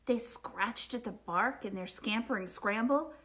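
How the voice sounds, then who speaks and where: A woman reading a rhyming children's picture book aloud, expressive and sing-song, sometimes dropping to a whisper. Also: fairly high pitch, unhurried. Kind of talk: storytime read-aloud.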